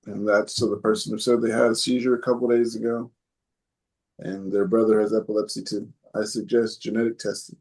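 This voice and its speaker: A man hosting a casual podcast, reading out listener comments and thinking aloud with hesitant pauses. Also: fairly low pitch, flat delivery, darkish tone. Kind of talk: casual chat.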